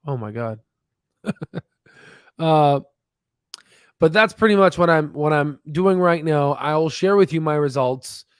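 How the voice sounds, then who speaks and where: A man's voice: on the high side, lively intonation, a little slow, long pauses, smooth, no room sound, studio quality. A man hosting a stock channel, chatting casually and rambling with many fillers and restarts, laughing at himself. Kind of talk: casual livestream chat. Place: home desk with screen share.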